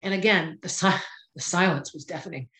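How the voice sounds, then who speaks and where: A middle-aged woman hosting a podcast, telling a personal story with emotion, at times near tears, with pauses and restarts. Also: lowish voice, pushed and bright, low-quality recording. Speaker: podcast host. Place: indoors, filming herself.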